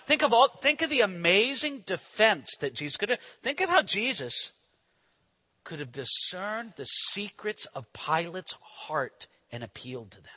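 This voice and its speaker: A man preaching in an animated, emphatic way, with a high voice that swings widely in pitch. His tone is very bright and sharp. A long hall reverb trails his words. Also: a little slow, slightly rough. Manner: animated and emphatic, asks the listeners questions. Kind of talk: expository sermon.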